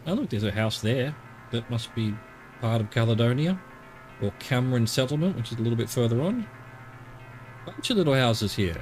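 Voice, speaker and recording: A man's voice: medium pitch, animated, moderate pace, darkish tone, faint music behind. Rambling playful male game streamer. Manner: rambling, playful, talks to himself and the scenery. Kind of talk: casual live-stream commentary.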